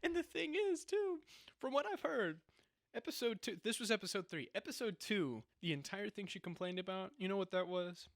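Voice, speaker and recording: A man's voice: high-pitched, animated, moderate pace. A young man co-hosting a podcast, talking casually and sarcastically, often breaking into laughter as he mocks what he describes. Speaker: podcast co-host. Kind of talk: casual chat.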